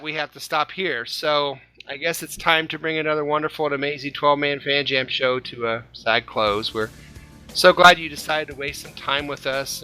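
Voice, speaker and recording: A man's voice: a little high, sharp tone. A man co-hosting a casual fan podcast, jokey and playful, often laughing at his own puns. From Indiana, USA. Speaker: podcast co-host.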